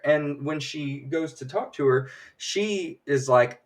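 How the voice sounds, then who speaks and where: A man hosting a livestream from home chats through an episode recap, rambling, using many fillers, and performing quotes. His voice is a little high and moderately paced with hardly any pauses, picked up by a distant mic.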